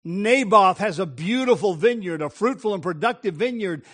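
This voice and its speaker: A man preaching a morning sermon, telling scripture stories dramatically and slowing down to stress key words. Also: animated, a bit bright. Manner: dramatic storytelling, slowing and dropping low for emphasis.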